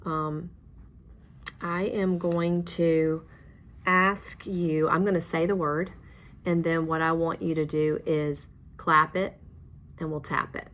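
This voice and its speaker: Low-voiced woman teaching a reading lesson. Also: steady tone, takes it slowly, a bit bright. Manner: encouraging, patient, praises answers. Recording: faint background noise.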